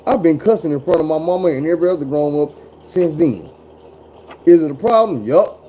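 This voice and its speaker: A man's voice: a little high, lively intonation, fairly quick, mellow, a little hiss or hum, rough recording. Blunt, cussing man in his forties. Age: 40s. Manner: profane, blunt, drawling storyteller. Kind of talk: casual storytelling chat.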